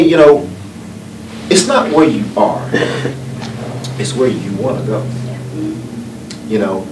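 Southern guy from north carolina, kinda low voice, folksy storytelling, far off mic in a roomy noisy hall. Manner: folksy, earnest, building to uplifting points. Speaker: guest speaker at a book event. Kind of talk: personal storytelling and motivational talk. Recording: echoey room from far off, noisy.

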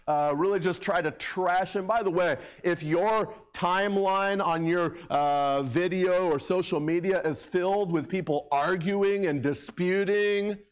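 A middle-aged male pastor preaching a sermon in a church, talking in a conversational way with filler words and raising his voice when he mocks a crowd. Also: a little high. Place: church sanctuary. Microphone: handheld or stand microphone.

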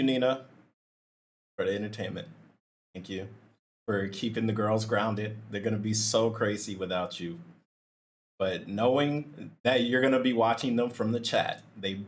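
A man's voice: on the low side, fairly even intonation, normal speed, a little hiss or hum. A man reacting to a streamer's farewell, talking to the screen in a comforting, chatty way. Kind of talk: casual reaction commentary.

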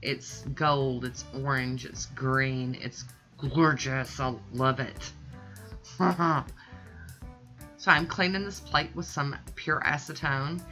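A woman's voice: very deep voice, fairly even intonation, slow pace, pushed and bright, soft background music. A woman chatting casually through a nail art tutorial, gushing and a little self-deprecating.

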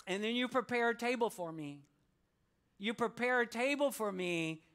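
Male pastor, high bright voice, slow and emphatic when reading scripture. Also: lively intonation, smooth. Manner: preaching with congregation call-and-response, slows to read scripture. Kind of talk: sermon. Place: church sanctuary.

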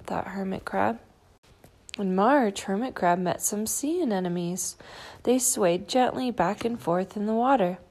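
A woman reading a children's picture book aloud in a calm, clear storytelling manner. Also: medium pitch, a little slow. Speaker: storybook reader.

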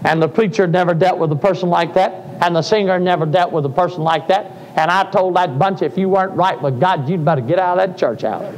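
Old preacher guy, high pitched, tells stories then cries out, church echo. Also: fairly quick, hardly any pauses. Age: older. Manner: folksy storytelling, rising to fervent cries. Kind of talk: sermon. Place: church sanctuary. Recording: live sermon in a reverberant church.

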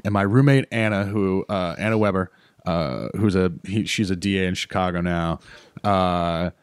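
A man's voice: low voice, normal speed, clean tone, dry recording, clean studio sound. A man in his thirties, a comedian guest on a podcast, casually telling a long story full of "uh"s and self-corrections.

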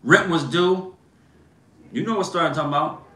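Bright-voiced man telling stories. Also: fairly high pitch, fairly quick. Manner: animated, slangy storyteller, lots of "bro" and "man". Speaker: host. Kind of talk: casual storytelling livestream. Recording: echoey room.

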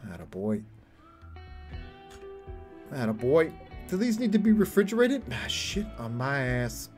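Lively joking young streamer guy. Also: medium pitch, unhurried, long pauses, faint music behind. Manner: joking, crude, chatting back to viewers. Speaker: game streamer. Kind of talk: casual live-stream chat while playing.

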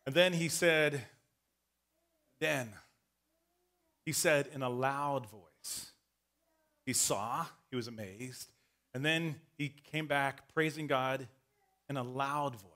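Bright-voiced, animated man preaching. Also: mid-range voice, slow, pauses often. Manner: animated, acts out the story with shouts. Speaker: pastor. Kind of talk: sermon.

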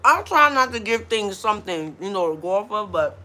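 A woman's voice: medium pitch, very animated, a little fast, pushed and bright. Blunt, profane woman ranting on a livestream. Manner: blunt, profane, laughs often. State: hungover. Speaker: mukbang livestream host. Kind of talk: casual livestream rant.

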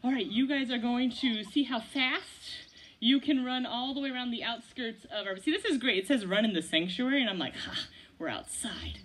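A woman's voice: on the high side, a bit bright. Playful woman leading kids outdoors. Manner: playful, laughing, coaching kids with questions. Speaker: children's story leader. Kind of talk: children's story at an outdoor church service. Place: outdoors by a gazebo.

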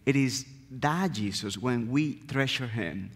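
A man's voice: mid-range voice, slow, breathy edge. Guest preacher, male, Dominican Spanish accent, native Spanish speaker, mid-range voice, earnest sermon delivery, big church reverb. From Dominican Republic. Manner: earnest, emphatic, repeats key phrases. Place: church sanctuary.

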